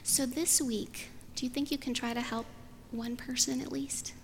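Lady pastor doing a kids sermon, kinda high voice, asks the kids stuff, long church echo. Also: steady tone, moderate pace. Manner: friendly, asks children questions. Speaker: pastor leading a children's sermon. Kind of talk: children's sermon. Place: large church sanctuary. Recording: reverberant sanctuary, faint room noise.

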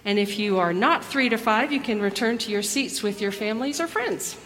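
A woman pastor giving a gentle children's message and sermon in church. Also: a little high, expressive, a little fast, a little hiss or hum. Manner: gentle, storytelling. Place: church sanctuary. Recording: long church reverb.

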